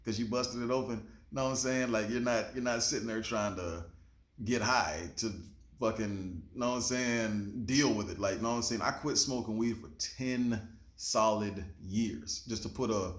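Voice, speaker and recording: A man's voice: lowish voice, moderate pace. Slangy man preaching in an echoey room. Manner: laid-back, slangy, swears freely, preachy. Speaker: show host. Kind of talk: motivational talk to camera.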